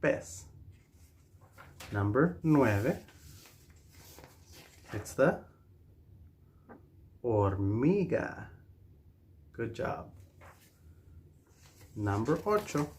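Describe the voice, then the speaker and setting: A man's voice: medium pitch, sing-song, very slow, pauses often. A man teaching a children's language lesson, encouraging little ones to repeat each word after him. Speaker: preschool teacher.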